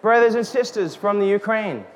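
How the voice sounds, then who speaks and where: A man preaching a sermon, slow and emphatic, calling out questions to the congregation. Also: high-pitched, expressive. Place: church hall. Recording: reverberant hall with faint noise.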